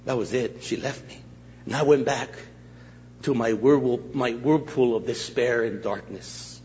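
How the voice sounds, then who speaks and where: A man from Los Angeles County preaching his testimony as a guest speaker in a church, an animated storyteller who acts out voices and jokes with the crowd. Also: mid-range voice, a little slow, a little hiss or hum. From Los Angeles County, USA. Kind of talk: sermon testimony. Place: church sanctuary. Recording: echoey hall, slightly dull sound.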